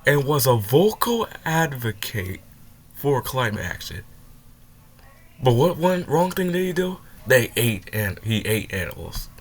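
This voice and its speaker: A man's voice: medium pitch, big pitch swings, unhurried. Heated young man ranting in reaction. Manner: heated, swearing, rants and stumbles over words. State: sounds upset after crying. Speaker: reaction video host. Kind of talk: reaction commentary.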